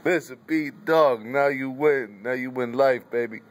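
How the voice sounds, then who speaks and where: Slow-talking man laughing at his dog. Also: medium pitch. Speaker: pet owner filming his dog. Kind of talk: casual home video commentary.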